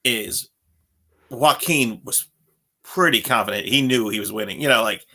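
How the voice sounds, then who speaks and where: A man's voice: on the low side, moderate pace, vocal fry, bright, forceful tone. A man in his thirties co-hosting a podcast, rambling in casual chat, often restarting his sentences and laughing. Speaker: podcast co-host.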